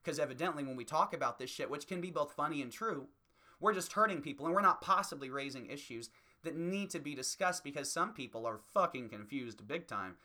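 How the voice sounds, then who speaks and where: A man's voice: on the high side, animated, fairly quick, sharp tone. A man doing a heated, profane stand-up rant as a comedian.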